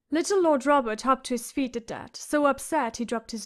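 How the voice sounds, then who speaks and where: A woman narrating an audiobook in a measured, expressive way. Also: high voice.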